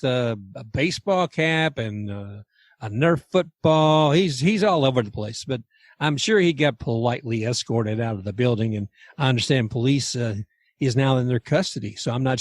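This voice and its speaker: A man's voice: medium pitch, no room sound, clean studio sound. A man hosting a casual sports talk podcast, chatty and rambling, often laughing as he talks. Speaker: podcast host.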